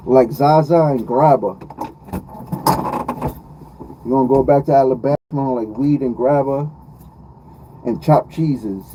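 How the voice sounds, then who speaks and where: A man's voice: a little high, lo-fi sound, background noise. Joking New York man live streaming. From New York City. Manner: joking, slangy, repeats his phrases. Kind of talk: casual live-stream chat.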